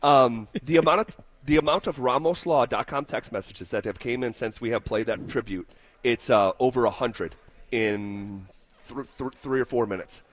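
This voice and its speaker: A man's voice: mid-range voice, normal speed. A male sports radio host in a studio, talking casually and reading listener messages aloud in a heartfelt way. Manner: heartfelt, reads listener texts aloud with fillers. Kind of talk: sports talk radio chat. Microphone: studio microphone.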